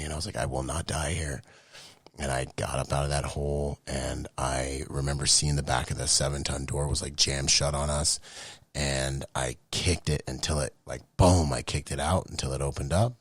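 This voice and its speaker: A man with an extremely deep, gravelly voice tells a personal story. His tone is husky and raw, heard up close in a dry space. He surges with emotion and often restarts his sentences. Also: moderate pace, no echo. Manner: emotional, animated retelling with many restarts. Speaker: podcast guest, Marine veteran. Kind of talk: casual storytelling.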